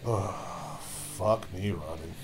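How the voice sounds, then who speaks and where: Drinking a beer as he goes, a man rants loosely on his own podcast, cursing constantly in a low-pitched voice. He speaks extremely slowly, and music plays in the background.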